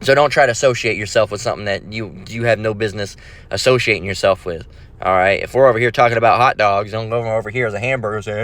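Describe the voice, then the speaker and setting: A man's voice: on the low side, fast talker, a bit bright, dry recording. A man preaching in a casual rant, blunt and profane, full of fillers and restarts. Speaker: bible preacher.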